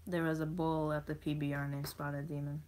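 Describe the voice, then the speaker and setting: Low-voiced chatty young woman. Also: flat delivery, moderate pace, a little mellow, a little hiss or hum. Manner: chatty, rambling, reads card text aloud. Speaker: vlogger. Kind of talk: casual unboxing chat.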